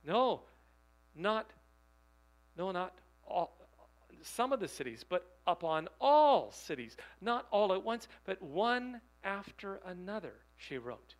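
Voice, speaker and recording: A man preaching a sermon, reading quotations slowly and putting rhetorical questions to his listeners. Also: high voice, sing-song, a bit bright, poor audio. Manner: emphatic, rhetorical questions to the audience; reads quotations aloud slowly.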